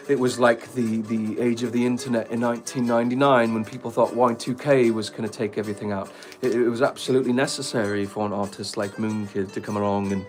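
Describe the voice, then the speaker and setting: A man voicing a solemn male documentary narrator, measured and reflective. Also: medium pitch, voice pushed down, natural voice.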